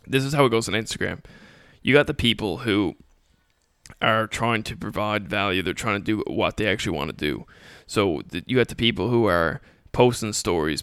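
A man's voice: lowish voice, fairly bright tone, clean tone, no echo, clean studio sound. A young man hosting a solo podcast, answering listener questions in a casual, motivational way. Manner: casual, motivational, acts out mocking critics in quotes. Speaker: podcast host.

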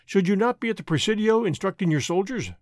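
A man's voice: sits high, lively intonation, quick pace, a little mellow, no room sound, studio quality. A man reading the part of a lazy, ironic young nobleman in an audiobook, drawling and mildly mocking. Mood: languid.

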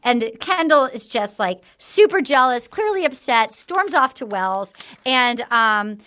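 Bright, high-voiced woman podcast host. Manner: animated, retelling scenes with quick acted-out quotes. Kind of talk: casual recap chat.

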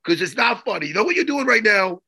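Male podcast co-host, gravelly and sharp-edged, lively pitch, jokey and animated. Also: quick pace, dry recording, low-quality recording. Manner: animated, jokey, acts out scenes. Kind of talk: casual chat.

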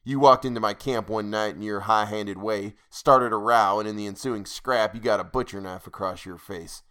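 A man's voice: lowish voice, fairly even intonation, moderate pace, sharp tone, clear, resonant tone. A man reading the lines of a blunt, snarling American adventurer in an audiobook story. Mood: angry.

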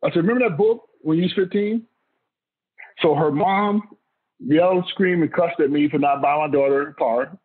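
In this interview clip, a middle-aged man who once played football recounts a family story with emphasis, going over the same points again. He has a slightly high, husky voice at an ordinary pace, and the recording sounds thin and phone-like.

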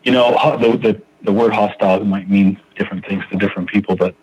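A man's voice: lowish voice, steady tone, quick pace, a little mellow, slightly rough, low-quality recording. A man sharing his recovery story on a podcast, speaking earnestly and restarting his sentences often as he thinks aloud. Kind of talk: reflective recovery podcast talk.

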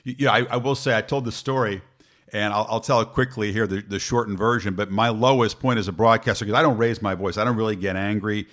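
A man, a broadcast host, telling a long animated story in casual conversation, with frequent restarts. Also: lowish voice, fast talker.

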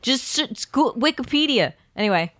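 A woman's voice: sits high, animated, normal speed, fairly bright tone, no echo, studio quality. A woman co-hosting a casual podcast, wry and teasing while she runs through the news. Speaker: podcast co-host.

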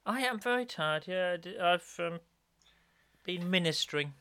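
Bright-voiced man with dry self-mocking humour. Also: high voice, animated, moderate pace, clean tone. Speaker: podcast co-host and speaker. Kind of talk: bantering podcast chat.

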